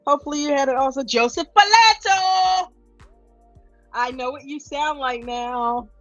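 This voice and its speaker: A woman's voice: sits high, level tone, a little fast, no echo, soft background music. A woman hosting a casual live stream, upbeat and greeting viewers one by one. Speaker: livestream host. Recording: dull, lo-fi stream audio.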